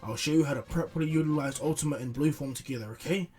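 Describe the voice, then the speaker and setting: A man's voice: fairly high pitch, fast, dark tone, natural voice. A man voicing a proud male warrior who gives orders in a commanding tone. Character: proud demanding warrior prince.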